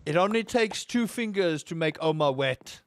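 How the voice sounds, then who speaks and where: A gaming streamer chatting casually with viewers while playing, rambling and swearing, with sudden high outbursts. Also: moderate pace, a little hiss or hum. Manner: animated, rambling, swears, jumps to high shouts.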